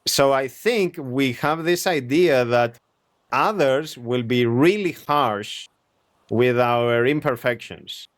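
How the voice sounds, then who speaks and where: A man talking in a conversational interview, thinking aloud in a reflective way with small pauses. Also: mid-range voice, dry recording, studio quality.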